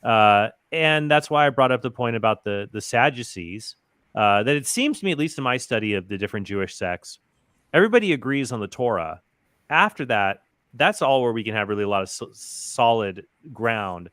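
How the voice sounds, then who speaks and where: A man's voice: mid-range voice, animated, normal speed, a bit bright, clear, resonant tone, no room sound, clean studio sound. A man in a casual discussion, explaining and defending the points he made in a debate. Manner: explanatory, argumentative.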